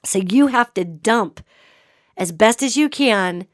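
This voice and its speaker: A woman hosting a podcast and telling a ghost story in an animated, emphatic, casual way. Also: medium pitch, takes it slowly, no echo, clean studio sound. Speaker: podcast host. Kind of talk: storytelling talk on spirits.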